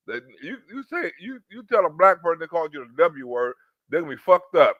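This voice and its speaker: A man hosting reaction commentary, telling stories in a profane, animated way. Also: a little high, brisk, no echo, narrow, tinny audio. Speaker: commentary host.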